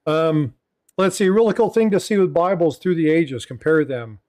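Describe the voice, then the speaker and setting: Middle-aged male stream host, slightly high voice, loose and chatty, heavy on filler words. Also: moderate pace, dark tone. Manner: rambling, filler-heavy, reads viewer chat aloud. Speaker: livestream host. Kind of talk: casual panel chat.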